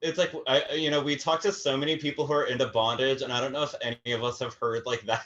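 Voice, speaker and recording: A man's voice: medium pitch, little pitch movement, fast talker, a bit bright. Hesitant man, slightly dull recording. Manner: hesitant, stammering starts. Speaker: podcast guest. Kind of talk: casual chat.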